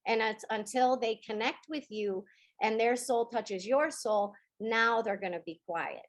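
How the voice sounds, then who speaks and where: A woman hosting a spiritual video call, teaching gently and slowing down to stress key words. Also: a little high.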